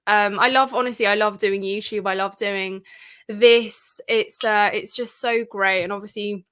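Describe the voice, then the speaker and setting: A woman's voice: mid-range voice, steady tone, a little slow, fairly bright tone, smooth. A young woman hosting a casual livestream, chatty and emphatic with many fillers. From North London. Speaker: livestream host.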